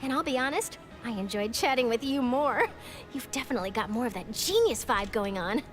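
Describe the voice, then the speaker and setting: An actress playing an eager, chatty young female journalist in a video game, speaking brightly. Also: on the high side, fairly quick, soft background music, natural voice. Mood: upbeat. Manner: bright, lively, flattering.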